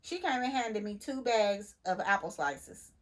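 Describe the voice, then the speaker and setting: A woman, a truck driver, telling a story in a casual, animated and indignant way. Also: medium pitch, a little slow. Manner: animated, indignant retelling with laughs.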